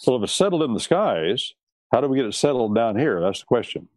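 Man, preacher, emphatic sermon delivery, lively swooping pitch, dry close sound. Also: a little fast, no echo. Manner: emphatic, repeats key words. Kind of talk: sermon on law and scripture.

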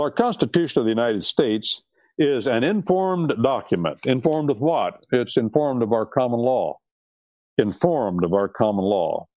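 A man's voice: mid-range voice, darkish tone, dry recording. A man preaching a sermon on scripture and law, stressing and repeating key words.

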